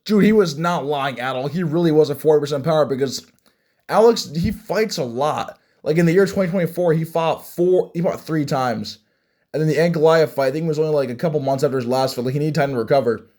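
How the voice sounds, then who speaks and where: A young man giving casual fight reaction commentary, excitable and rambling, with many restarts. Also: a little high, fast talker. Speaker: MMA fan reviewing fights.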